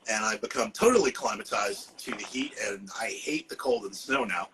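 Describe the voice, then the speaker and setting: A man's voice: fairly low pitch, normal speed, fairly bright tone, slight background noise, poor audio. A man from Massachusetts, talking casually and jokingly as a herbalist guest, filling his speech with "you know". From Massachusetts, USA. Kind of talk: casual podcast chat.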